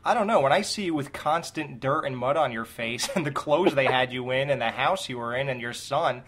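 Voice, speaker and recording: A man's voice: medium pitch, brisk, a bit bright, breathy edge. Enthusiastic laughing male podcast host. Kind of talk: casual interview.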